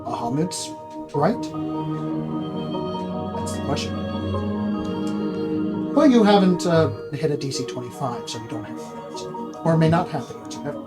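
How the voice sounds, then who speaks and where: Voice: mid-range voice, expressive, moderate pace, pauses often, loud music behind the voice. A game master narrating a tabletop game, asking a player probing, reflective questions about their character.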